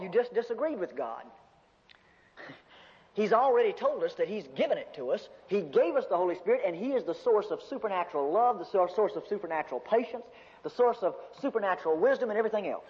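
Male preacher, high voice, lively folksy sermon delivery, dull recording with long church reverb. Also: fairly quick. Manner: animated, folksy storytelling with humor.

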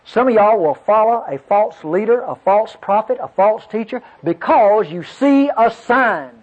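Pastor guy preaching, highish husky voice, dull lo-fi church tape. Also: measured pace. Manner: folksy, animated preacher addressing congregation. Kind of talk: sermon storytelling. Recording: dull lo-fi sermon recording.

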